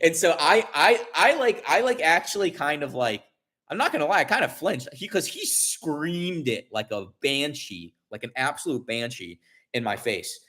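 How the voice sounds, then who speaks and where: A man's voice: on the high side, animated, moderate pace, bright, forceful tone. A man vlogger telling a story in casual chat, rambling with many restarts and fillers, and swearing when upset.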